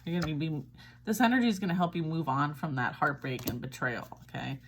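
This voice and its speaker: A woman's voice: low-pitched, fairly quick, a little hiss or hum. A woman giving a casual tarot reading, chatty and reassuring, often checking in with "all right?". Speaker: tarot reader.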